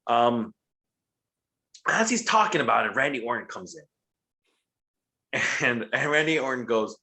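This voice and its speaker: A man's voice: medium pitch, animated, slow, long pauses, sharp tone. A man co-hosting a casual show, recapping wrestling in a profane, rambling way. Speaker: podcast co-host.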